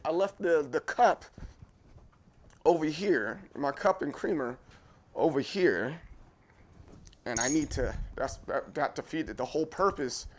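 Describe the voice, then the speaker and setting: A livestream host streams casually from his home kitchen, his voice fairly high. He walks around holding the camera and rambles chattily, speaking directly to his viewers.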